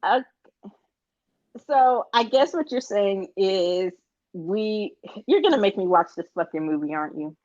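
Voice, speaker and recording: A woman co-hosting a casual podcast chat, speaking frankly and swearing freely as she rambles. Her pitch sits in a middle range. The recording sounds dull and lo-fi. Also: expressive, a little slow, darkish tone. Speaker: podcast co-host.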